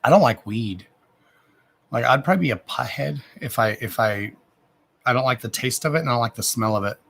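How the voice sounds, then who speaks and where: A man's voice: mid-range voice, lively intonation, fairly quick, vocal fry, fairly bright tone, slightly rough. A man in his thirties chatting casually on a live stream as a card reader, rambling, with frequent restarts and loose swearing. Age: 30s.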